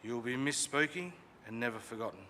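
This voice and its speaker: A man reads a prepared eulogy slowly and steadily from his notes, his voice bright and forward. The chapel adds a long reverb. A faint room hum runs underneath. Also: mid-range voice, animated. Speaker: funeral eulogy speaker. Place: crematorium chapel.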